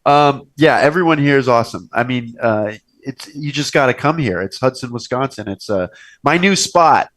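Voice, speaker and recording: Animated young man telling stories. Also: moderate pace. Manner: animated storyteller, acts out quotes with big pitch jumps. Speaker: podcast host. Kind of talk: casual chat. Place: restaurant wine cellar.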